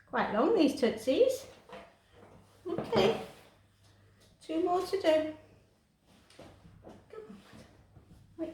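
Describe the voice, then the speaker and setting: Slow-talking cat groomer woman. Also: sits high. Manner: soft, coaxing, chatty. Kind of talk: grooming commentary. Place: grooming room. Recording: echoey room with music behind.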